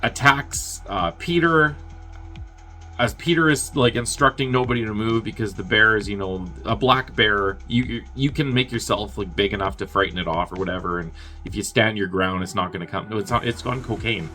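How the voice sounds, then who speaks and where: A man's voice: fairly low pitch, moderate pace, bright, forceful tone, faint music behind. A man casually recapping a film's plot as a reviewer, rambling and profane, with chuckling asides. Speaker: movie reviewer.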